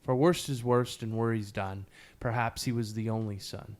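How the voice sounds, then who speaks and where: A man reading a poem aloud in a slow, measured way. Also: on the low side, fairly even intonation, darkish tone. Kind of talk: poetry reading.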